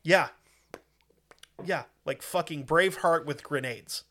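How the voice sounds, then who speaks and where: A man's voice: on the high side, slow pace, pushed and bright. A man telling a war story in a casual podcast chat, profane and emphatic.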